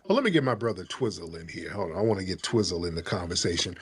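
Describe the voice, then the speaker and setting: A man's voice: low voice, animated, quick pace, slightly rough. A man hosting a live call-in talk stream, speaking emphatically and repeating his points to drive them home. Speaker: host.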